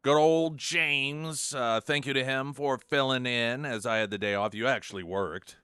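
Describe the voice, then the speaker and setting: A man's voice: mid-range voice, steady tone, normal speed, sharp tone, clean tone, no echo, clean studio sound. A man hosting a morning talk radio show, chatting and giving opinionated commentary with many fillers and restarts. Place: radio studio. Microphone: studio microphone.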